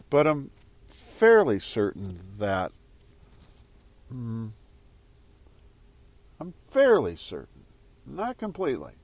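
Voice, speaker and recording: A man's voice: fairly low pitch, darkish tone, no room sound. A man giving a casual motivational talk to viewers, rambling and repeating phrases as he goes. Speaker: spiritual speaker.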